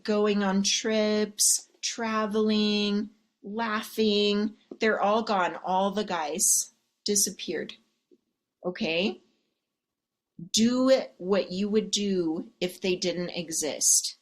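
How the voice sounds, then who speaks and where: A woman coach giving a sassy, teasing live pep talk to her viewers, swearing freely and checking in with "okay?". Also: mid-range voice. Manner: sassy, teasing, profane, keeps asking "okay?". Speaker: love and life coach.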